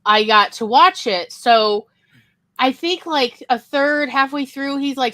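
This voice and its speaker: A woman co-hosting a casual chat, telling stories in a chatty, animated way. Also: high voice, takes it slowly. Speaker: podcast co-host.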